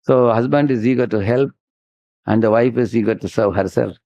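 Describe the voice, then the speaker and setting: A man with an Indian English accent gives a devotional lecture, telling stories in an animated way and prompting listeners with "huh?". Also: mid-range voice, moderate pace, no echo, lo-fi sound. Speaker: spiritual teacher giving a lecture. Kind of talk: devotional sermon with storytelling.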